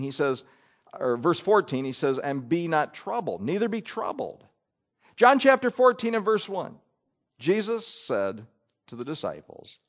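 A man preaching a sermon, reading scripture and explaining it with animated emphasis. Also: medium pitch. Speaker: pastor.

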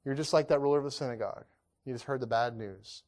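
A man preaching a sermon, earnest, asking rhetorical questions, repeating phrases and restarting often, swinging from loud emphasis to hushed lows. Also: fast talker.

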